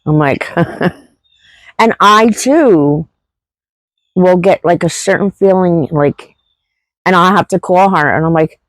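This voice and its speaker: A middle-aged woman shares a personal story at an unhurried pace. She rambles warmly, with fillers and restarts, recorded close and dry. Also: lowish voice, no room sound, rough recording. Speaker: homesteading vlogger.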